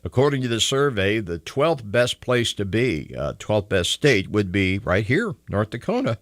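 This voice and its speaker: A man's voice: on the low side, sing-song, normal speed, few pauses, dry recording. A man hosting a talk radio show, talking in a wisecracking, sarcastic monologue from a radio studio. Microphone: studio microphone.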